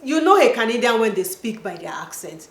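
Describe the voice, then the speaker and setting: Nigerian woman host, high-ish voice, earnest and direct with viewers; roomy room sound. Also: sing-song, fairly quick. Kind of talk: casual chat to viewers. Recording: roomy echo.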